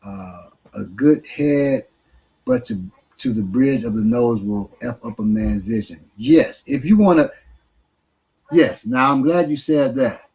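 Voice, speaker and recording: A man's voice: mid-range voice, expressive, unhurried, gravelly, a little mellow, poor audio. A man teaching martial arts on a casual live stream, answering questions in a blunt, streetwise way, sometimes swearing and often using fillers.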